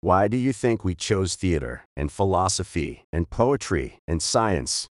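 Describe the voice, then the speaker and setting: A man's voice: low-pitched, big pitch swings, measured pace, dry recording, studio quality. A man voicing a hurt, grieving young woman. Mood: anguished.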